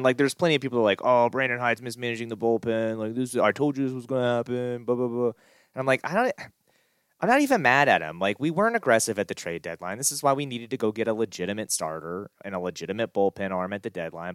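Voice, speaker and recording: A man vents on a casual sports podcast, his low, smooth voice sinking into gloomy, exasperated grumbling full of restarts. The sound is close and dry, with no room around it. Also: fairly bright tone, no echo. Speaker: podcast co-host.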